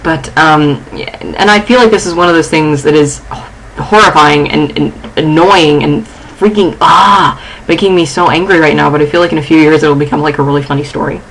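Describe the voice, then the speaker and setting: A young woman vlogging from her dorm room. She is shaken and angry, and her speech is halting and full of restarts. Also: low voice, slight background noise, poor audio. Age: young adult. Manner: agitated, halting, restarting sentences. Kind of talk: casual vlog.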